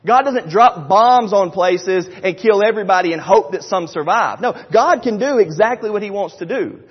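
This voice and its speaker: A man's voice: sits high, animated, moderate pace, slightly rough. A middle-aged man preaching a sermon in a church, emphatic and repetitive, acting out the people he quotes. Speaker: pastor. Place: church sanctuary. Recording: dull sound with long hall reverb.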